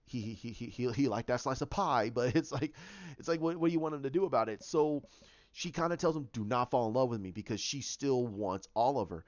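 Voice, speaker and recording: A man's voice: medium pitch, lively intonation, a little fast, no room sound. A man casually recapping a TV season, rambling with many restarts and fillers. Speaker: fan show host. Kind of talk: casual fan commentary. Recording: dull, lo-fi sound.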